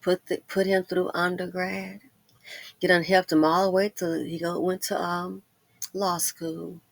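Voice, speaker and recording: Middle-aged woman, casual commentary host; lowish, bright tone, dry close sound, animated storyteller. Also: measured pace, gravelly, no echo. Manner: chatty storytelling, addresses ladies directly; laughs and breaks into loud exclamations.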